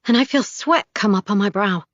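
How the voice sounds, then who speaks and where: A woman narrating a first-person audiobook in an intimate, steady storytelling voice, on a slightly dull recording. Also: medium pitch, fairly quick, dry recording.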